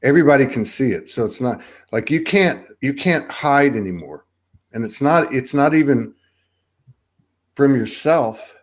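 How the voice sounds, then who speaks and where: A man's voice: medium pitch, lively intonation, unhurried. A man hosting a casual live online chat over a video call, talking in a rambling, reflective way with many restarts. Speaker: host.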